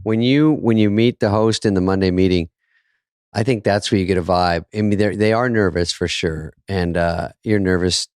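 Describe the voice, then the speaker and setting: A man's voice: sits low, normal speed, clean tone, dry recording, studio quality. A man co-hosting a casual podcast, telling loose backstage anecdotes. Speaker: podcast co-host.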